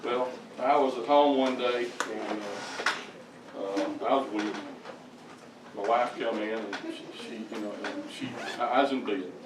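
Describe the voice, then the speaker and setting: A man's voice: medium pitch, fairly even intonation, measured pace. Older man, folksy testimony, echoey hall. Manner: folksy storytelling, stammering restarts. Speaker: church testimony speaker. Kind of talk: personal testimony. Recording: echoey, distant mic, background noise.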